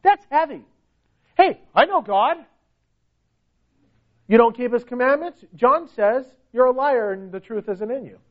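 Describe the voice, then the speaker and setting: Male preacher, very high pitch, emphatic rhetorical delivery, dull lo-fi recording. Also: normal speed, few pauses. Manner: emphatic, rhetorical questions, pitch swings widely. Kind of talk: sermon.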